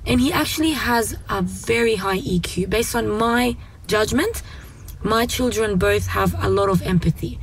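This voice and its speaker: A mother in a casual discussion who speaks calmly and gently, telling stories about her children. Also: mid-range voice, normal speed, slight background noise. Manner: calm, gentle, storytelling with acted quotes. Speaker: parent guest.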